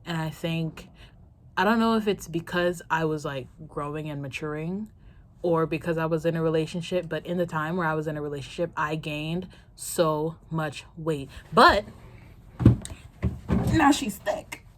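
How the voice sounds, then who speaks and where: A young woman answering viewer questions in a casual vlog, playful and slangy, quick to laugh and swing into mock drama. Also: deep voice, steady tone. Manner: slangy, chatty. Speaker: vlogger.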